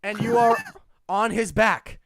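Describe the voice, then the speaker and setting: A man's voice: high-pitched, slow, fairly bright tone, no echo, studio quality. A man narrating a tabletop game as game master, chatty with frequent laughs and fillers.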